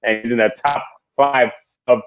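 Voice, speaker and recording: A man in a mid-range voice talks through the fights with steady enthusiasm. He lays out the details plainly, the way a fan who knows the sport explains what happened. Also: mid-range voice, normal speed, clear, resonant tone. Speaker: podcast co-host. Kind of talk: casual fight recap chat.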